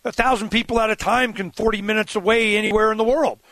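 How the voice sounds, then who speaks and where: A man's voice: high voice, fairly even intonation, quick pace, a bit bright, dry recording. A man hosting a talk radio show, rambling and irreverent as he argues his point. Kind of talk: casual talk radio conversation.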